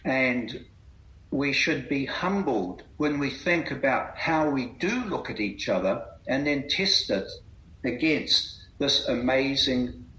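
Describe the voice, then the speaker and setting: A man's voice: medium pitch, expressive, slow pace, pushed and bright, echoey room, low-quality recording. A man giving an earnest Bible talk, emphatic and reflective. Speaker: preacher. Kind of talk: Bible reading meeting talk.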